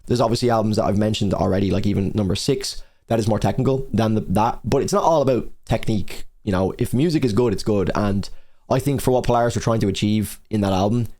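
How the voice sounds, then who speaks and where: A man's voice: fairly low pitch, fast, darkish tone. A young man counting down his favorite albums in a casual, rambling way, full of fillers and swearing. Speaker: music reviewer.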